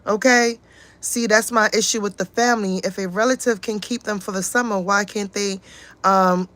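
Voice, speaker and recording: A woman's voice: mid-range voice, a bit bright. A woman hosting a casual livestream, reading chat comments aloud and giving outspoken, exasperated commentary with frequent swearing.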